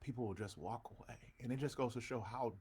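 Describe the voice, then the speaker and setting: Man, pastor, mid-pitched voice, loose livestream chat, preacher swells, talks to viewers by name. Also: quick pace, darkish tone, breathy edge. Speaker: pastor hosting an online show. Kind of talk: casual livestream talk with a congregation.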